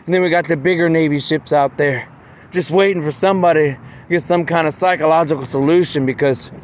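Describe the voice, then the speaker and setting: A man's voice: on the high side, steady tone, brisk, slight background noise. A man in a meandering, casual monologue who keeps saying "man" and "you know" and acts out the voices he quotes.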